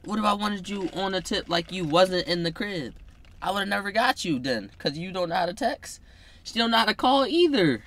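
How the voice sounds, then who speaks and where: A man's voice: high-pitched, expressive, moderate pace. A young man, teasing his girlfriend in a casual vlog chat. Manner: playful teasing, loud bursts. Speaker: vlogger.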